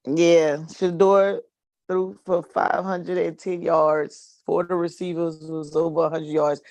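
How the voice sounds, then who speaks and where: A woman's voice: fairly low pitch, little pitch movement, measured pace, darkish tone, dry recording. A woman in a casual video call chat, talking in a chatty way and laughing easily.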